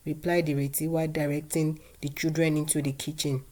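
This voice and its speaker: Woman storyteller, low and mellow, measured narration. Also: flat delivery. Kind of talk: scripted narration.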